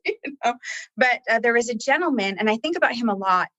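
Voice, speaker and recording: A woman's voice: fairly high pitch, lively intonation, fast, pushed and bright, no room sound. A woman who talks with staff at a coaching office, telling stories in an earnest, heartfelt way and close to tears. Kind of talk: emotional conversational interview.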